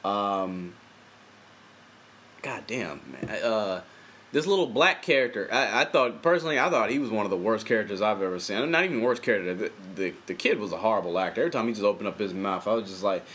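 A man's voice: fairly low pitch, lively intonation, fairly quick, a bit bright, a little hiss or hum. Loose, profane young man recapping TV. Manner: loose, profane, rambling commentary with slang. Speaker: TV episode reviewer. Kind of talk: casual recap vlog.

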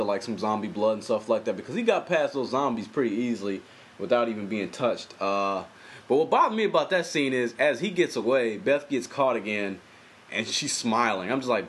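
A young man casually recapping a TV episode in loose, profane, rambling commentary full of slang. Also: mid-range voice. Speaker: TV episode reviewer.

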